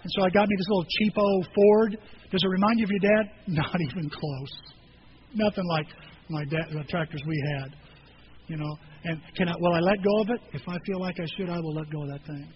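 Pastor preaching, high voice, conversational storytelling with emphatic peaks, dull lo-fi audio. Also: male voice, brisk, noisy background. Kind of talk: sermon.

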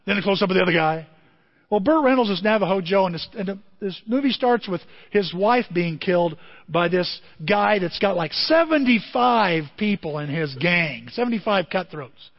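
A high-pitched, lively male preacher tells his story with big swings of voice and sudden shouts. His voice rings in a large hall with a long echo, and the recording sounds dull and lo-fi. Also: normal speed, gravelly. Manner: animated storytelling, shouting out in excitement. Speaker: pastor. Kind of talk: sermon. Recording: dull lo-fi audio in a reverberant hall.

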